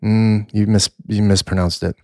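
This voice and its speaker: A man with a fairly low voice chats casually as a podcast co-host. He teases playfully, slowing down to stretch out words. The sound is dry and close, with no room around it. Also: level tone, a little mellow, no room sound. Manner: playful, deliberately drawn-out pronunciations. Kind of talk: casual chat.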